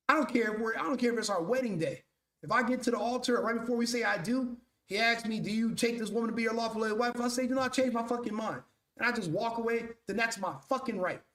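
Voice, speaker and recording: A man's voice: sits high, a bit bright, roomy sound. A male show host delivering a blunt, profane, mocking commentary rant.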